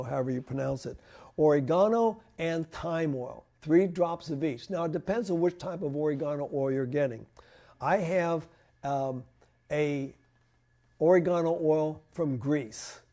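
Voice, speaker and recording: A man's voice: a little high, mellow. A man giving a conversational church health talk on home remedies, asking and answering his own questions. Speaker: health presenter. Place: church hall.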